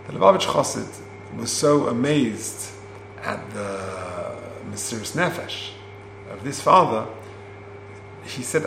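A man teaching a Torah class, explaining Hebrew terms and telling a story in an unhurried way with many fillers. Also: mid-range voice, lively intonation, vocal fry. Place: classroom, also streamed online. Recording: roomy with faint hum.

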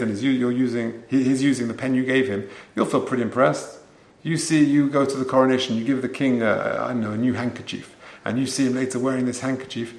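A man's voice: mid-range voice, darkish tone, echoey room. A man giving a Torah class, translating each phrase into as he goes and often restarting his sentences. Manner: explains each Hebrew phrase in English, with frequent restarts. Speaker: Torah teacher.

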